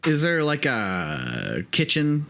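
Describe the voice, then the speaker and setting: A man's voice: on the high side, wildly swooping pitch, slow pace, gravelly, a bit bright. A man describing his character's actions in a casual tabletop game. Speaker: player.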